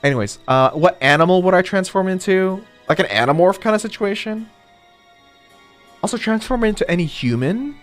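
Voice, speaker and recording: A man's voice: high-pitched, expressive, normal speed, fairly bright tone, faint music behind. A man streaming a video game, rambling and chatty, often mocking himself. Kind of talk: casual gameplay commentary.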